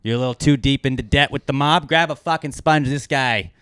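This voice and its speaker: A man hosting a casual podcast, cursing freely and getting loud as he acts out insults. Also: mid-range voice, fairly quick, clear, resonant tone, dry recording. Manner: profane, animated, swings loud when acting out insults. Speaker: podcast host.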